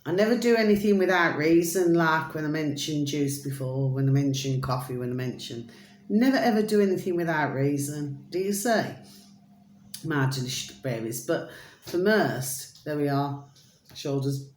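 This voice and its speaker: A woman's voice: deep voice, moderate pace, reverberant, a little hiss or hum. Chatty British woman rambling to camera. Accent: British English. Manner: chatty, repeats pet phrases, lively sing-song asides. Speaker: vlogger. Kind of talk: rambling casual monologue to camera.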